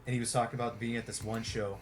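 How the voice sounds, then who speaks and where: A man's voice: mid-range voice, flat delivery, rapid-fire, slight background noise. A man hosting a podcast in casual chat, rambling with lots of fillers and swearing. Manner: rambling, profane, heavy on fillers. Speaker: podcast host.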